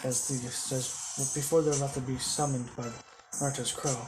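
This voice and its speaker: A man ad-libbing a fan-made story, stumbling and restarting as he strings lines together. His voice sits mid-pitched and stays flat, with little movement. Music plays clearly behind him. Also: normal speed, rough recording. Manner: rambling, self-correcting, chains lines with "he goes". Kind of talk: improvised fan-story narration.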